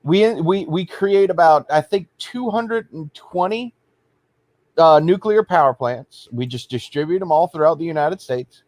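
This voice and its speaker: A man's voice: fairly high pitch, measured pace, a little mellow, no room sound. Rambling man in a casual chat. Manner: rambling, stumbles and restarts.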